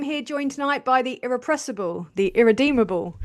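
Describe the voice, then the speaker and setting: A woman hosting a live political stream over a video call, talking loud, bubbly and jokey, and swearing freely. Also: sits high, lively intonation, brisk, hardly any pauses. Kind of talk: casual comic chat.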